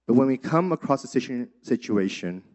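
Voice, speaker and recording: A man's voice: medium pitch, animated, a little fast, darkish tone. A young man preaching a sermon as a pastor, in an easy conversational way with frequent fillers. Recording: dull lo-fi sound.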